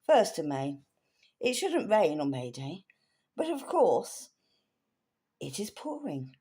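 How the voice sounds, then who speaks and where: A woman's voice: fairly low pitch, big pitch swings, slow pace, mellow, slightly rough, heavily acted. A woman reading aloud in a put-on posh English accent, playing a refined lady diarist. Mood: prim. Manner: genteel, prim reading.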